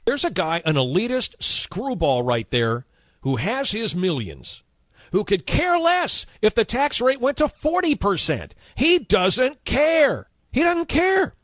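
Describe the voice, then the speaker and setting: A male radio host in full indignant rant, his voice riding high and swinging widely as he hammers each point home with repetition. The sound is close and dry, with no room around it. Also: wildly swooping pitch, unhurried, no room sound. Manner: indignant, impassioned, emphatic repetition. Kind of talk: heated on-air rant.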